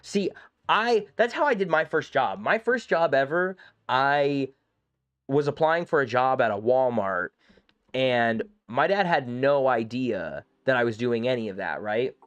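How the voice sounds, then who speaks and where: A man streaming a game, chatting casually and rambling through stories with quick asides. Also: mid-range voice, lively intonation, a bit bright, dry recording, dull audio. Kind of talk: casual live-stream chat.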